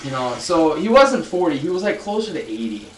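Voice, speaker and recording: A man's voice: fairly high pitch, sing-song, brisk, roomy sound, recorded from a distance, a little hiss or hum, rough recording. A man in his twenties chatting casually on a live stream, telling a rambling story with many restarts and addressing viewers. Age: 20s. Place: loud room.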